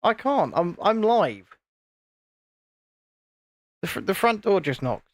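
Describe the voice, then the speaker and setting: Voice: medium pitch, very animated, slow pace, no echo. British accent, livestream host, casual chat, laughs often, dry close sound, phone recording. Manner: chatty, reads chat messages aloud, laughs often. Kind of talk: casual live chat while building. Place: home, indoors, in the evening. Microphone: phone camera.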